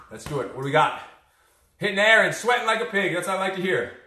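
A man's voice: high-pitched, big pitch swings, quick pace, bright, forceful tone, reverberant, distant mic. A man coaching a live-streamed boxing cardio workout, calling out counts and combos and swearing freely as he pushes viewers on. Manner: profane, pumped-up drill counting.

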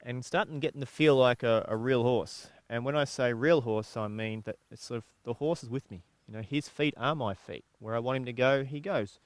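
A man with an Australian accent working as a horse trainer, explaining groundwork exercises in a relaxed, conversational way, pausing and restarting as he goes. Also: medium pitch, no room sound. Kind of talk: instructional video talk.

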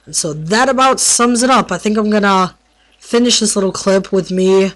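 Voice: mid-range voice, moderate pace, fairly bright tone. Stumbling, playful game tutorial narrator. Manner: stumbles over words while explaining; playful trash talk at mobs. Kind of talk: casual gameplay commentary.

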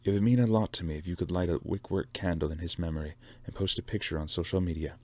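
A haughty, spoiled woman influencer who sneers at everyone around her, as a man reads her part. The voice sits higher than the reader's own very low voice. It is a storybook reading. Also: quick pace, warm tone, no room sound. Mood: fake mournful. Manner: haughty, scornful. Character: vain, spoiled woman influencer fearing age.

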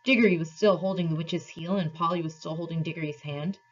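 Husky-voiced woman teacher reading aloud. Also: deep voice, fairly even intonation, fast, dull audio. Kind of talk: reading a novel aloud to a class.

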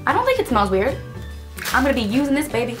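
A woman's voice: high voice, sing-song, quick pace, faint music behind. A young woman vlogging casually at home, bubbly and gushing, squealing with delight as she talks. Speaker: beauty vlogger. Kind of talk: casual unboxing vlog.

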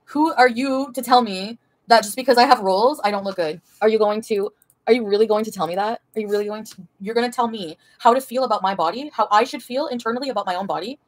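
A woman's voice: fairly high pitch, fast talker, dry recording. A woman livestreamer answering her chat in a heated, profane, confrontational rant.

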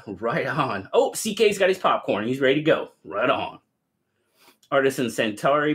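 A man's voice: mid-range voice, a bit bright. A man hosting a casual live stream, cheerfully greeting viewers by name and chatting about their gear.

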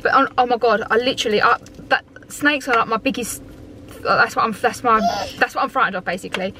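A woman's voice: fairly high pitch, brisk. A woman in her thirties with an Essex accent, talking casually to camera in a rambling vlog style. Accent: Essex English. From Essex, England. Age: 30s. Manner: chatty, rambling, lots of "like". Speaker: family vlogger. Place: outdoor park with a play area. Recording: noisy outdoor phone recording. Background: outdoor noise and children.

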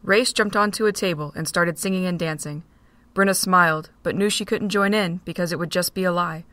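A woman narrating a fan-made audio drama in a steady storytelling manner. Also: lowish voice, brisk, no room sound.

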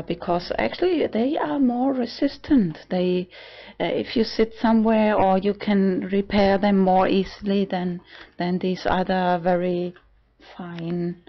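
A trans man in his forties talking casually in a vlog. He is halting and often breaks into laughter. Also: high-pitched, dull audio. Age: 40s. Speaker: vlogger.

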